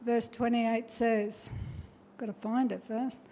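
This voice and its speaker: High-voiced woman preaching. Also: steady tone, measured pace, darkish tone. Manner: emphatic, urging, with repeated rhetorical questions. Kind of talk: sermon. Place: church.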